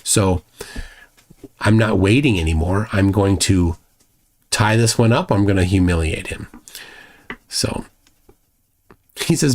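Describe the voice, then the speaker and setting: Minnesotan man, low-ish voice, casual rambling streamer who reads chat aloud, plenty of restarts. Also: slow, pauses often, a little hiss or hum. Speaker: live streamer.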